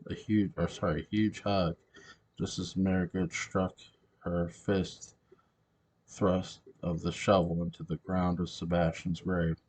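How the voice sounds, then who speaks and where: A man narrating a story, reading in a slow, deliberate way. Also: sits low, little pitch movement, a little mellow.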